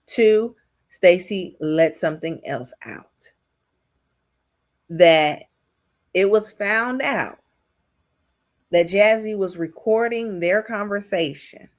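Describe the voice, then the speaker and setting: A woman's voice: medium pitch, slow, long pauses. A woman hosting a casual reality TV commentary, rambling with frequent ums and restarts.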